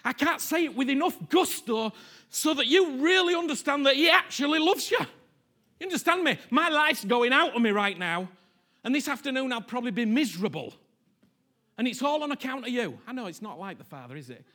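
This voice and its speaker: A man preaching a sermon, impassioned, repeating phrases and swinging from hushed near-whispers to loud pleas. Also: extremely high pitch, expressive, brisk.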